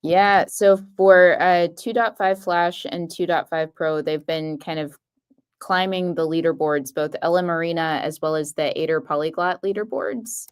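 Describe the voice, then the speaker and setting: A woman's voice: on the low side, fairly even intonation, moderate pace, clean tone. A woman speaking as a guest expert on a live coding stream, hesitant and thinking aloud. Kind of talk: live coding demo, casual.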